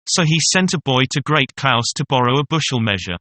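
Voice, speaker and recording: A man narrating a fairy tale in a measured, even storytelling manner. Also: medium pitch, no room sound.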